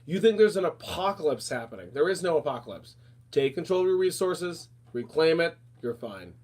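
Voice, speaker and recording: A man hosting a casual talk show, animated and rambling, calling listeners darling and honey. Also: on the high side, a little fast. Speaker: podcast host. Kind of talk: casual chat.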